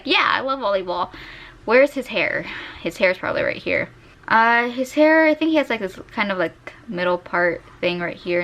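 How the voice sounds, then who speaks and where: This young woman is an art vlogger chatting casually while she draws, giggly and gushing about her favorite characters. Her mid-range voice has a fairly bright tone, picked up by a desk USB microphone.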